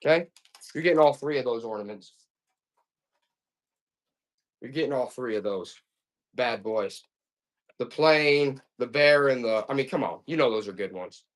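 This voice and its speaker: A man's voice: mid-range voice, lively intonation, moderate pace, pauses often. A man selling vintage items on a live stream, chatting to viewers in a repetitive, hyped-up sales patter. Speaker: live auction seller.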